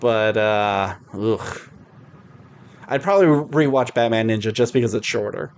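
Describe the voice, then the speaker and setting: A man's voice: fairly low pitch, lively intonation, measured pace. Rambling sarcastic male podcast host. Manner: rambling, sarcastic, lots of fillers. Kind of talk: casual chat review.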